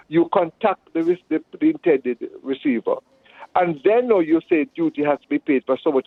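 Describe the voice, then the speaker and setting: A man's voice: on the high side, creaky, dry recording. A man from Jamaica with a Jamaican accent, a consumer radio presenter chatting casually as a phone guest, explaining patiently and laughing easily. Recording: dry, tinny phone line.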